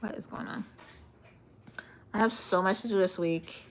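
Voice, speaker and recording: A woman's voice: medium pitch, normal speed, slight background noise. A young woman hosting a casual live stream, answering viewer comments with frequent giggles and stumbles over her words. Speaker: livestream host.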